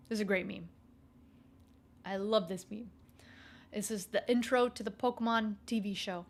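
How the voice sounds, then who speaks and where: A woman's voice: medium pitch, steady tone, normal speed, long pauses. A young woman streaming a video game, chatting playfully with her live chat and thinking aloud as she plays. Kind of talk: casual gameplay commentary to a live chat.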